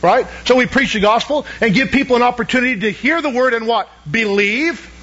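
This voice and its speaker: A man's voice: extremely high pitch, fast talker, sharp tone, highs cut off. A man preaching a sermon, asking the congregation questions and pressing each point with emphasis. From Southern United States. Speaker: pastor.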